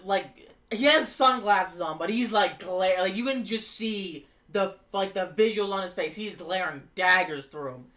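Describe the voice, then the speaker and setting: A streamer recaps wrestling in loose, hesitant chat full of fillers. The voice sits at a middling pitch. A roomy echo surrounds it. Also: unhurried, sharp tone. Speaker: stream co-host.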